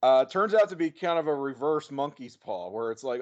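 A man's voice: medium pitch, animated, a little fast. A man co-hosting a podcast, chatting casually about a movie, rambling with playful asides. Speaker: podcast co-host. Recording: dull lo-fi audio.

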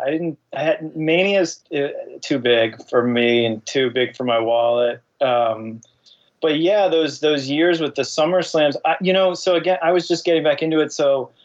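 A man talking in casual podcast chat, hesitant, with quick bursts and fillers. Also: medium pitch. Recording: slightly muffled lo-fi audio.

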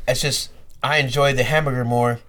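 A man in a relaxed podcast chat who talks in an easygoing way with casual slang. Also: mid-range voice, moderate pace. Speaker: podcast co-host.

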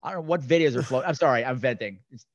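A man hosting a podcast, chatting casually and animatedly about a horror film, breaking into loud impressions as he tells stories. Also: medium pitch, very fast, no echo. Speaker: podcast host. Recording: dry, dull lo-fi sound.

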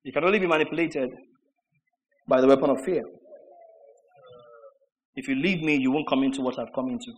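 A man preaching a sermon, emphatic and rhetorical, with mocking repetition that swings between shouted lines and low asides. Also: fairly quick, long pauses, slight background noise, rough recording.

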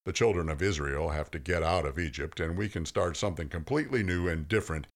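A man voicing a gruff, wisecracking male God who talks like a blunt boss, in a comic story reading. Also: low-pitched, quick pace. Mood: explaining. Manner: brash, commanding, slangy.

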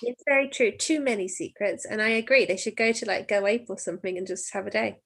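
A woman's voice: mid-range voice, fast talker, creaky, fairly bright tone, breathy edge. A woman co-hosting a podcast, chatting playfully and laughing often. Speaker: podcast co-host. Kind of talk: casual chat.

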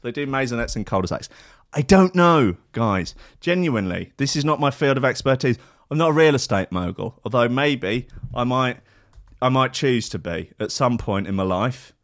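A man hosting a loose, rambling podcast from his desk mic, swearing freely and mocking his targets. His pitch swings widely as he talks, from low mutters to sudden high bursts. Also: lively intonation, normal speed, no room sound, studio quality. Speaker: podcast host. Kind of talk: casual streamed chat. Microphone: headphones and desk mic.

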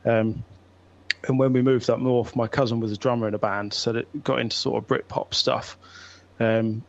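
A man's voice: medium pitch, level tone, normal speed, lo-fi sound. A man in his thirties with a North London accent, chatting easily as a podcast guest and telling stories. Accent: North London English. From England. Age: 30s. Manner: easygoing, chatty storyteller. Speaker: guest listener. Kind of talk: casual podcast chat.

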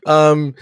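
A man's voice: a little high, clean tone, dry recording, studio quality. A man recapping a TV episode in casual chat, rambling and swearing as he acts out the characters' voices.

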